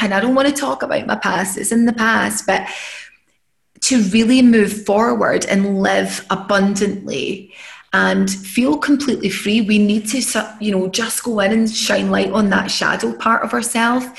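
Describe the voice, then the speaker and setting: A woman hosts a casual podcast chat, earnest and encouraging like a life coach. Her voice has a gravelly, fry-touched edge. It sits in a noticeably echoey room. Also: mid-range voice. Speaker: podcast host.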